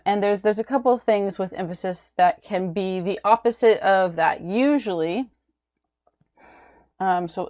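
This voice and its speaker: A woman teaching an art lecture, halting, with many ums and restarts, often checking in with "right?". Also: on the low side, a little mellow. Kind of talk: recorded lecture.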